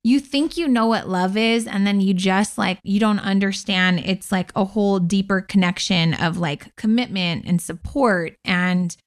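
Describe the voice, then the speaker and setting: A woman's voice: mid-range voice, measured pace, hardly any pauses. Chatty woman co-hosting a podcast. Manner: warm and effusive, leans heavily on "like". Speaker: podcast co-host. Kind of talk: casual podcast conversation.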